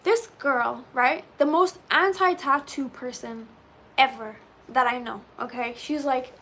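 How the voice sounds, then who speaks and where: A woman in her twenties chatting casually with live viewers and answering them as she reads chat, animated and peppered with "like". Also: high voice, fairly quick. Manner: chatty and animated, says "like" often. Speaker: livestreamer reading chat.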